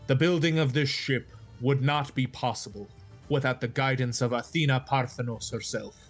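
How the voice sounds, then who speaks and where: A man doing a curt, gruff old shipbuilder. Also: medium pitch, normal speed, faint music behind, natural voice. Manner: curt, brusque. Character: gruff, squat older male shipbuilder, proud.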